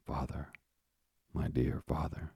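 Man doing earnest young sailor, very husky, dry close sound. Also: very deep voice, little pitch movement, slow pace, warm tone, dry recording, full character voice. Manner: respectful, formal.

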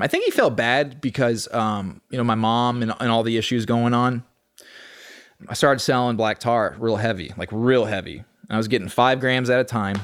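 A man from Texas talks through his past as a podcast guest, loose and profane, with plenty of filler and slang. His voice sits at an ordinary middle pitch. It is recorded close and dry, with no room sound. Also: no echo. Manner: profane, streetwise, lively recounting. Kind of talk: casual storytelling.

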